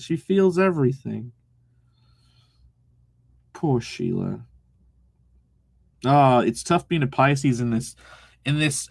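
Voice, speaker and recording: A man's voice: medium pitch, no echo. A young man casually streaming, reading chat aloud, laughing often and swearing freely.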